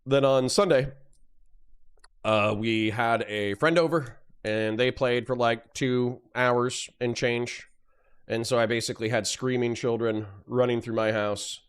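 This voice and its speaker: Man, thirties, streamer, rambling casual chat, smooth clear voice, mid pitch. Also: fairly even intonation, a little slow. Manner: rambling, chatty, yawning between thoughts.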